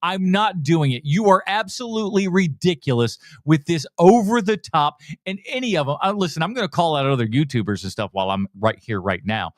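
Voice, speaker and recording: A man hosts a movie podcast and rants about a trailer, sarcastic and fed up. His voice sits a bit high and swings widely in pitch. The mic is close and dry, with no room sound. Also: very animated, fairly quick, hardly any pauses, dry recording. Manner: sarcastic, exasperated, mocking. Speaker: podcast host. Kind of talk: casual ranting commentary.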